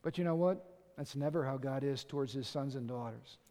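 An older man preaching a sermon in an animated, conversational way. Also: medium pitch, brisk. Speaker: pastor. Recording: echoey hall.

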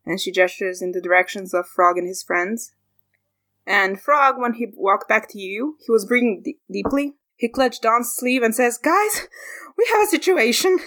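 A woman's voice: mid-range voice, normal speed, a bit bright. A woman narrating a tabletop game as game master in a casual, rambling way. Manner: casual, filler-heavy narration.

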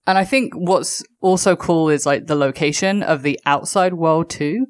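A woman's voice: low-pitched, normal speed, dry recording, studio quality. A woman co-hosting a podcast, talking in a loose, chatty way with lots of fillers and restarts. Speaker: podcast co-host. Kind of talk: casual chat.

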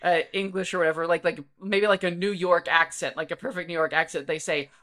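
A man's voice: on the high side, steady tone, fast talker, bright, forceful tone. A man co-hosting a podcast in casual chat, rambling and laughing with lots of restarts. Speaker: podcast co-host.

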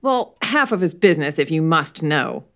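Reader plays a touchy young nephew under questioning; defiant and indignant. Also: female voice, deep voice, animated, moderate pace.

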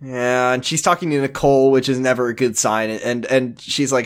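A man's voice: medium pitch, fairly even intonation, fairly quick, clear, resonant tone. A man co-hosting a podcast, chatting casually and animatedly, laughing and quoting characters in mock voices. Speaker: podcast co-host. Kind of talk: casual recap chat.

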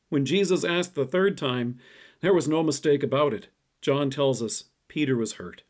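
A man delivering a scripted devotional message and reading scripture in a measured, deliberate way. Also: a little high. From city-raised. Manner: measured, reads scripture quotes slowly. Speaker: devotion speaker.

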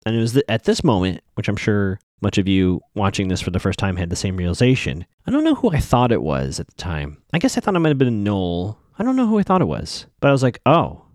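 Man, casual episode recap, chatty with viewers, dry close recording, expressive swings in pitch. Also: fast, hardly any pauses, dry recording. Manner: chatty, addresses viewers as folks.

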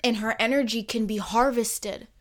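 A young adult woman of Caribbean origin hosting a podcast, talking in a personal monologue with emphatic rhetorical questions and soft near-whispered asides. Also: a little high, fairly even intonation, normal speed. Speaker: podcast host.

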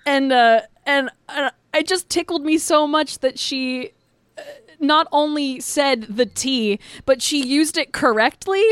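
A young woman co-hosting a podcast, telling a story with animated, giggly energy. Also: high-pitched, a little slow, dry recording. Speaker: podcast co-host. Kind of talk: casual chat.

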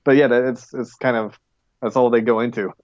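A man's voice: medium pitch, steady tone, brisk, a little mellow, dry recording. Laid-back male co-host, muffled mic. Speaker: podcast co-host. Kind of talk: casual chat. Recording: dull, slightly muffled mic.

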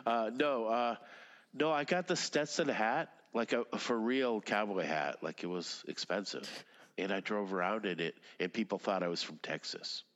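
A man's voice: on the low side, moderate pace, fairly bright tone, long reverb tail, lo-fi sound. A man in his fifties, a native Russian speaker, rambling casually as an interview guest, with lots of fillers, restarts and swearing. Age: 50s. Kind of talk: casual conversation.

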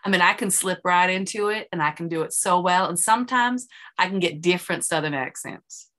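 Bright-voiced chatty woman podcast host. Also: on the low side, brisk. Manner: chatty and effusive, tells stories, laughs often. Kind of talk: casual interview chat.

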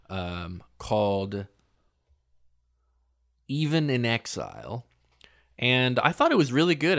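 Guy with a lowish voice rambling about albums on a podcast, lots of ums. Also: fairly bright tone. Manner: loose and rambling, many fillers and restarts. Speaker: podcast co-host. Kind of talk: casual music review chat.

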